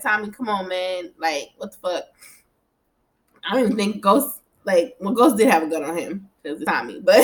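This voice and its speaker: Chatty woman recapping a TV episode. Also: fairly high pitch. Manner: chatty and animated, laughing, swearing, slipping into characters' voices. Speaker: TV recap vlogger. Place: home room.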